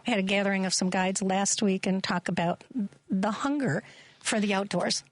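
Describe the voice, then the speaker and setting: A woman's voice: medium pitch, fairly even intonation, moderate pace, dry recording. A woman being interviewed on a radio talk show as a forest therapy guide, speaking earnestly and hesitating with many ums.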